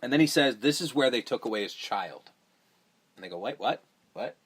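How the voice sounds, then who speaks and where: A man's voice: medium pitch, lively intonation, fairly quick, a bit bright, husky. Man recapping a movie, casual and profane. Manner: swears freely, acts out characters' lines. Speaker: podcast host.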